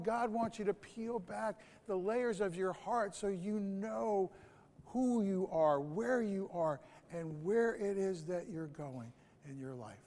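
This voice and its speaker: A man's voice: sits high, slow pace, big-room sound. A male pastor preaching a sermon in a conversational way, asking rhetorical questions.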